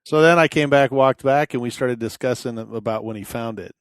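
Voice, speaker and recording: A man co-hosting a podcast in casual chat, laid-back, with many filler pauses. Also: mid-range voice, clean tone, dry recording, studio quality. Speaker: podcast co-host.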